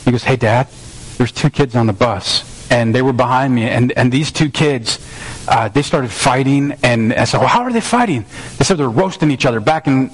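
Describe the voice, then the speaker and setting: A man's voice: mid-range voice, husky, rough recording. A man preaching a sermon as a pastor, telling a family story in an earnest, conversational way with frequent restarts. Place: church sanctuary.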